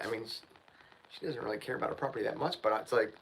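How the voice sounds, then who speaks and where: Animated man ranting in a casual chat. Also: medium pitch, fast talker, poor audio. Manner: animated, ranting storyteller, says "dude" and "man". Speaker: channel host.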